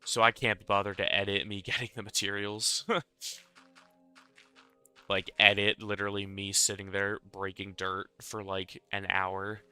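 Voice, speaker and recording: Bright, clear-voiced young man rambling. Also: on the low side, little pitch movement, moderate pace, faint music behind. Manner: rambling, self-deprecating, chuckles often. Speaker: Minecraft building creator. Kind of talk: casual gameplay commentary.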